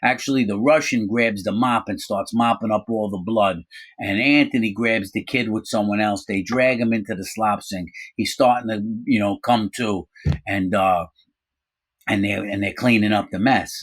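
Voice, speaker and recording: Man, middle-aged, low voice, casual storytelling, animated, acts out quotes. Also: normal speed. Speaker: storyteller recounting his prison time.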